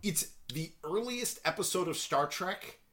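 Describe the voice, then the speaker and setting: A man's voice: sits high, expressive, measured pace, a crowd in the background. A man co-hosting a podcast in casual chat, joking and often restarting his sentences. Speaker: podcast co-host.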